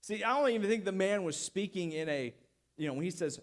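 Brief: male pastor, casual sermon delivery, high voice with big swings. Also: a little fast. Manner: conversational, animated, repeats phrases for emphasis.

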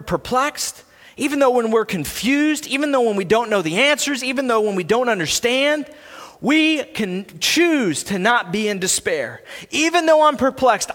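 A man's voice: high voice, pushed and bright. A man preaching a sermon as pastor in a church sanctuary, earnest and building into impassioned delivery. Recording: long church reverb.

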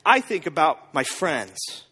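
A man's voice: a little high, very animated, slow pace, pushed and bright, husky, voice pushed down, exaggerated voice. A man voicing Jesus as a casual, bemused grown man inside a sermon, with long church hall reverb. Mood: earnest.

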